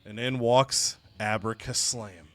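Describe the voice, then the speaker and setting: A man's voice: medium pitch, fairly even intonation, slow pace, a bit bright, faint music behind. A man casually narrating a wrestling video game story with chatty asides.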